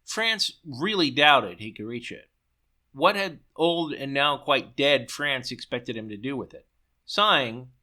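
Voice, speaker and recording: A man reading his own story aloud in a brisk way, sometimes stumbling and restarting a word. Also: medium pitch, sharp tone. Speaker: story reader.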